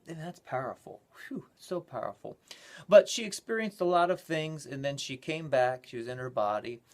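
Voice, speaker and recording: A male pastor telling near-death testimonies in a sermon, swinging from quiet asides to loud, excited retelling. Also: medium pitch. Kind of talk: sermon storytelling.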